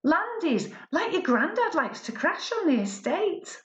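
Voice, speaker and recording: A woman's voice: very high-pitched, sing-song, measured pace, echoey room, highs cut off, voice pushed up, heavily acted. A woman playing a pampered wife, sardonic. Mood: mock-cheerful. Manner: mock-cheerful, sardonic. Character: pampered newlywed woman imagining life poor. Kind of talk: spoken word poetry performance.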